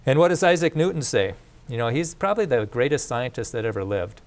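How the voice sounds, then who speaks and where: A man's voice: mid-range voice, very animated, a little fast. A man teaching a faith course in a casual lecture, speaking conversationally with restarts and asides. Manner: conversational, repeats and restarts, plain speech.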